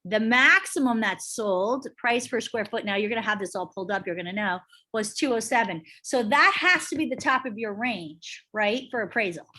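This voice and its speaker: Brisk, emphatic female instructor, slightly high voice, chatty with her class. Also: lively intonation, pushed and bright. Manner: brisk, emphatic, chatty, asks the group questions. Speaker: real estate instructor. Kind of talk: casual teaching talk to a class.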